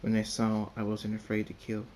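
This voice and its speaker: Halting man reading his fan fiction. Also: lowish voice, monotone, darkish tone, slight background noise. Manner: halting, repeats words. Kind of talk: amateur first-person story reading.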